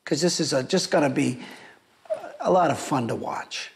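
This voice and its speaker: A man's voice: a little high, normal speed. A man speaking in an easygoing, conversational way in an interview. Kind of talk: relaxed interview talk.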